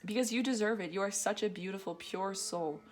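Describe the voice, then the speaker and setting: A woman's voice: mid-range voice, fairly quick. A woman giving a gushing, affirming tarot reading to her viewers, often breaking into giggles. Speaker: tarot reader.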